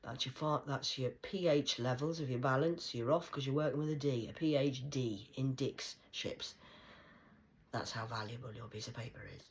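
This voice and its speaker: A woman rambling through a stream-of-consciousness monologue, punning and swearing, swinging between hushed whispers and loud outbursts. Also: very deep voice, moderate pace, poor audio. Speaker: vlogger.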